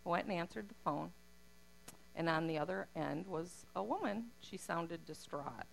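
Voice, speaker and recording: A woman's voice: on the low side, moderate pace, gravelly, slight background noise, poor audio. A middle-aged woman telling her personal faith testimony in an earnest, heartfelt way. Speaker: speaker giving a testimony.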